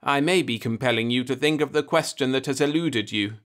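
Guy doing a super polite calm alien dude, measured and formal, smooth tone. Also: mid-range voice, natural voice. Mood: politely calm. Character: calm, ritually polite male alien elder. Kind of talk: audiobook dialogue reading.

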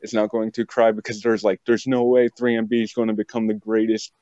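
A man's voice: on the low side, flat delivery, fairly quick, dark tone. A young man from West Virginia, a podcast guest, chatting casually with joking, rambling asides. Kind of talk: casual chat. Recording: dull lo-fi dry sound.

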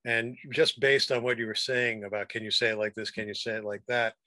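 A man's voice: on the low side, steady tone, brisk, bright, forceful tone, dry recording. A man hosting an interview, chatting casually and recounting a comedy show with loose restarts. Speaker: podcast host, interviewer.

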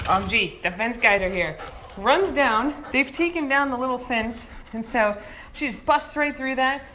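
A woman vlogging outdoors, telling a lively story and chatting to her dogs. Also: on the high side, slight background noise. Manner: animated storytelling, playful asides to her dogs. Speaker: vlogger and dog owner. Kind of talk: casual storytelling to camera and dogs. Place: outdoors by the ocean.

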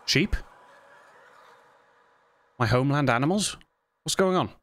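A man's voice: mid-range voice, expressive, measured pace, fairly bright tone, low-quality recording. A young man giving jumpy, self-mocking commentary while playing horror games, with sudden yelps. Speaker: gaming video host.

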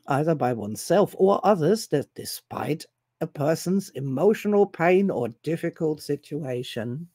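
A woman with a warm, mellow voice talks through online articles on her own. She reads them out slowly, with pauses, and cuts in with dry, sarcastic remarks. The recording is close and dead, with no room sound. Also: deep voice, no room sound. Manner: wry, sarcastic asides; deliberate, with pauses and hesitations. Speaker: self-help author and video host. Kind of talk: solo commentary reading web pages aloud.

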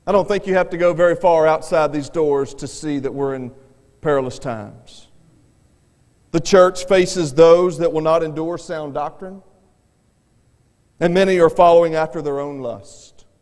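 A man's voice: on the high side, a little mellow. A man preaching a revival sermon as an evangelist, earnest and given to repeating words as he starts his phrases. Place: church sanctuary. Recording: long church reverb.

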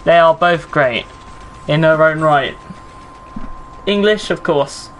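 A man live-streaming a shooter game, talking with his chat as he plays and cursing when things go wrong. His voice sits a little high for a man. Faint ambience hums behind him. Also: slow pace, slight background noise, rough recording. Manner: chatty, swears when under pressure, answers chat. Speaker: gaming streamer. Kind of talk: live gameplay commentary.

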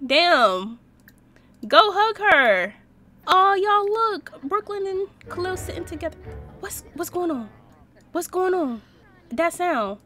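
A young woman casually commenting on her life-simulation gameplay, slangy and animated, reacting and laughing at what happens on screen. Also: high voice, slow, soft background music. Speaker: Sims let's-play host.

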